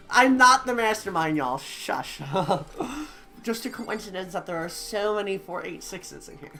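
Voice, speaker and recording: A woman streaming a game playthrough, her voice raspy from allergies, chatting and giggling with viewers between voiced scenes. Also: mid-range voice, animated, measured pace, pushed and bright. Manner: chatty, giggly asides to chat.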